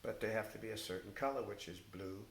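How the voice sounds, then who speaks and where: A middle-aged or older man, a former firefighter, recounting his career in oral-history storytelling. He speaks haltingly, with many fillers and restarts. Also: fairly low pitch. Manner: halting, with many fillers and restarts, animated when quoting others. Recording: echoey room with faint hiss.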